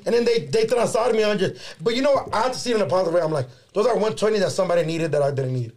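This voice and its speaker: A man co-hosting a casual podcast, telling a long story in a raspy, fry-heavy voice that sits a little high. He swears constantly, throws in Spanish words and quotes everyone in the story himself. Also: rapid-fire. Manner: profane, animated, slips into Spanish words; acts out his own and others' lines in quotes. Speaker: podcast co-host.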